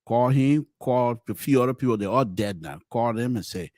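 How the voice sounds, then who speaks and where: A middle-aged man, hosting a podcast and telling a personal story with many restarts, swinging between loud exclamations and low murmurs. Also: moderate pace, dry recording, clean studio sound. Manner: frequent restarts and repeated words. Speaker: podcast host. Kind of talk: storytelling commentary.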